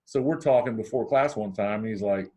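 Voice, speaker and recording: A man from Ohio, a podcast guest telling a long personal story in a casual way, acting out the dialogue with big swings in his voice. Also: a little fast. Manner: animated, acts out dialogue with big pitch swings.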